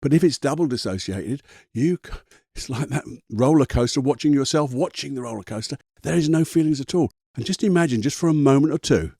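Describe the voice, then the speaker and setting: Soothing man with a dark husky voice. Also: medium pitch, expressive, dry recording, studio quality. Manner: slow, soothing, guiding with repeated phrases. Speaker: podcast host and coach. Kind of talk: guided self-help talk.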